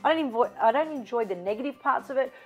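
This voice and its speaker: A middle-aged Australian woman from Newcastle, a psychic guest, tells stories in an interview and acts out the dialogue with animation. Her voice sits high and moves quickly, and the lo-fi recording carries faint music behind her.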